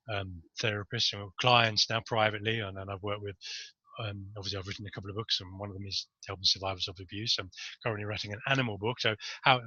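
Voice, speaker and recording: A man's voice: medium pitch, bright, forceful tone, no echo, muffled recording. A man giving a casual, rambling talk to camera on body language, with jokey asides.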